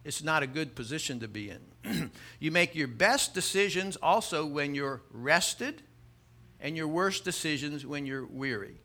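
A man's voice: fairly high pitch, expressive, a little slow, bright, forceful tone. A man preaching a sermon as pastor, talking in a casual, conversational way, telling a joke story and often repeating words as he starts sentences.

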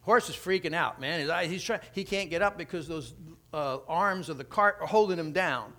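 A man preaching through an animated, conversational story. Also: fairly high pitch, moderate pace. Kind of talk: sermon storytelling.

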